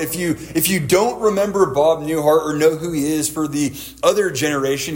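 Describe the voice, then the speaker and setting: A man's voice: a little high, a little mellow. Man preaching a story-filled sermon. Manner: storytelling, acts out quoted lines with raised voice.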